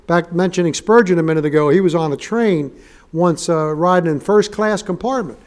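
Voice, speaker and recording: A man's voice: high voice, moderate pace, a little mellow. A man preaching a sermon as a guest preacher, folksy and joking, turning emphatic when he reads scripture. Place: church sanctuary.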